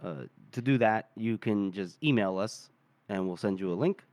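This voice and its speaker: A man's voice: on the low side, normal speed, darkish tone. A man co-hosting a casual book discussion podcast, reading passages aloud and chatting with frequent laughs. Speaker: podcast co-host.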